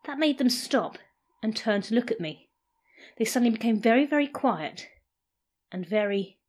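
A woman narrating a first-person story in a playful, animated way. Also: fairly high pitch, normal speed, long pauses.

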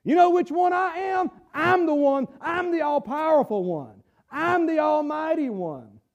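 A middle-aged male pastor with a strikingly high voice delivers an emphatic sermon. He repeats his phrases and at times climbs to a shout. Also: expressive, measured pace, vocal fry, lo-fi sound.

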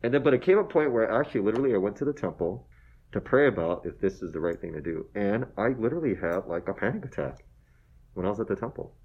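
A man in his forties, a guest in a relaxed interview, tells his story with a lively voice that climbs and dips widely. He is self-deprecating and keeps checking in with "okay?", and he turns quiet and tender when the story gets emotional. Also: lowish voice, fast talker, slightly rough, phone-quality sound. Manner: soft and emotional when talking about his wife.

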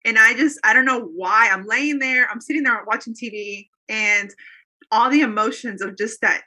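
A woman's voice: fairly high pitch, moderate pace, bright, forceful tone. A woman in her thirties or forties, a guest telling a personal faith story in an earnest, rambling way with many fillers and restarts. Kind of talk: casual conversational storytelling.

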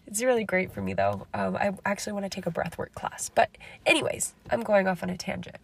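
Raspy, slightly sick young woman podcaster. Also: mid-range voice, expressive. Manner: fast, candid, swearing, girlfriend-talk. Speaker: podcast host. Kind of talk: casual self-help podcast monologue.

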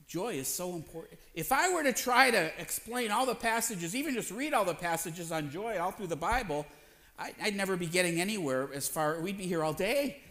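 A man's voice: sits high, lively intonation, a little fast, pushed and bright. A man preaching a sermon as pastor, conversational, questioning the congregation and acting out little voices. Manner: acts out voices in quotes, playful asides.

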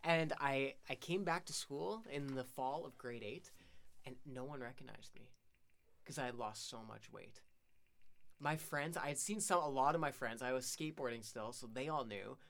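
A man's voice: mid-range voice, creaky, fairly bright tone. Easygoing, casual young man. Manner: easygoing, quick interjections and swearing. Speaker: podcast co-host. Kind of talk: casual chat.

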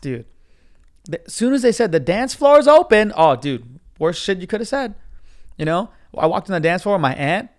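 A man hosting a podcast alone, telling a story in a casual, profane, excitable way and saying "dude" all the time, his voice a little hoarse. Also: fairly high pitch. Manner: profane, animated, says dude constantly. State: hoarse from cigars. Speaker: podcast host.

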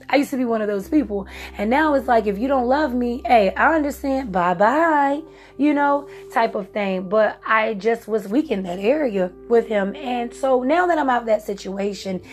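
A woman from Virginia giving a personal testimony, emphatic and emotional, acting out her past words. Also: fairly high pitch. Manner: emotional, emphatic storytelling with voiced quotes.

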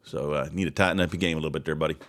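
A man's voice: very deep voice, steady tone, very fast, fairly bright tone. A man hosting a casual morning talk show, reading news items aloud and rambling through his own asides with the odd chuckle.

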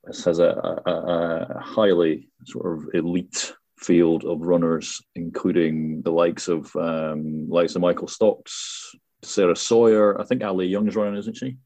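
A man's voice: sits low, little pitch movement, a little slow, mellow. A man co-hosting a podcast in casual chat, dry and teasing, often restarting his sentences. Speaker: podcast co-host.

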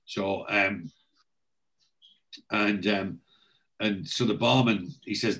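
A man's voice: lowish voice, steady tone, takes it slowly, long pauses, fairly bright tone, low-quality recording. Man, casual recap, rambling, fillers.

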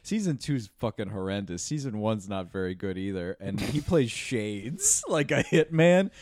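A man's voice: on the low side, big pitch swings, normal speed, a little mellow, no room sound. Rambling man recapping a movie, dry sound. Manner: rambling, profane, laughs often. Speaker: podcast host. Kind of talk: casual chat.

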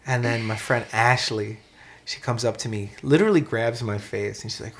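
A man in casual chat, telling a story in an animated, profane way, with lots of "man" and "dude". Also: medium pitch, moderate pace.

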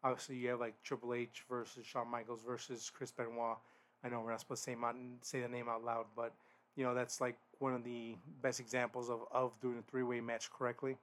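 A man's voice: medium pitch, monotone, brisk, a bit bright. A man hosting a podcast, giving a casual solo wrestling review in a rambling, blunt way, often restarting his sentences and swearing now and then. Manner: rambling, frequent restarts and fillers. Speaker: podcast host.

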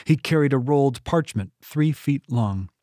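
A man reading a fantasy novel aloud in a steady storytelling manner. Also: normal speed, no echo, studio quality. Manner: steady storytelling read, lifting pitch for quoted characters. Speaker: audiobook narrator. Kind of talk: scripted narration.

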